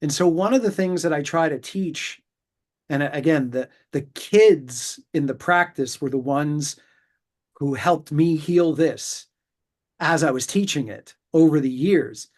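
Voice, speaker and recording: A middle-aged man from New York, a pediatrician, explaining his views in a measured, reflective way, with pauses and restarts. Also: a little high. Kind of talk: conversational interview explanation.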